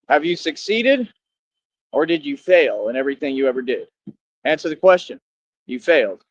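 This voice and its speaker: A man's voice: medium pitch, a little hiss or hum. A young man in a boastful, confrontational monologue to the camera, full of slang and rhetorical questions. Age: young adult. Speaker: vlogger. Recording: dull lo-fi sound.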